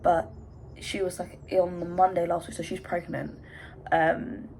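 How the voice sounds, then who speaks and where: Chatty English woman with a gravelly voice. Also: fairly low pitch, level tone, a little slow, darkish tone, a little hiss or hum, poor audio. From England. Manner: chatty, rambling, self-interrupting. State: hay fever, out of breath and sneezy. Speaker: vlogger. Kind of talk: casual chatty vlog. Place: bedroom at home.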